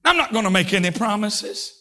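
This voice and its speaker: A male pastor preaching a fervent sermon, swinging between shouted lines and hushed, drawn-out words. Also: high-pitched, sing-song. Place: church sanctuary.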